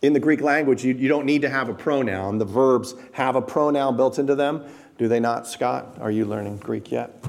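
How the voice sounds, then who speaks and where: A man's voice: mid-range voice, normal speed, gravelly. A man preaching a sermon, emphatic and direct, asking the congregation rhetorical questions. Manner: emphatic preaching, building to loud repeated stresses. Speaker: pastor.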